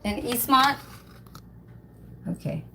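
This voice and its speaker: A woman's voice: on the high side, lively intonation, slow, gravelly, sharp tone, slight background noise. A woman hosting a casual cooking livestream at home, chatting with her viewers while she cooks and swearing now and then. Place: home kitchen, then outdoors.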